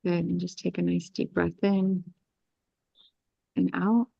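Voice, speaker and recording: Woman guiding a soothing energy clearing. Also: lowish voice, little pitch movement, slow pace, mellow, no room sound, muffled recording. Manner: soothing, repetitive spoken invocations and breathing cues. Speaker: astrologer leading a live group energy clearing. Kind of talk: guided energy-clearing meditation.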